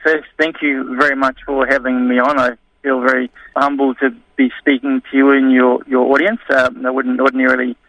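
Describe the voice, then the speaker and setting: Hesitant man with a flat, sharp voice. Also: medium pitch, normal speed, no echo, lo-fi sound. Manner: hesitant, many fillers and restarts. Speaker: interview guest. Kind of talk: conversational interview.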